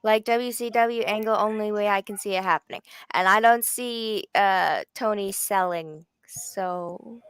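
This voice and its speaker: A woman's voice: medium pitch, unhurried, few pauses, smooth, no room sound. A woman from Canada co-hosting a live wrestling watch party, chatting casually, laughing often and trailing off mid-thought. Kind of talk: casual live-stream chat.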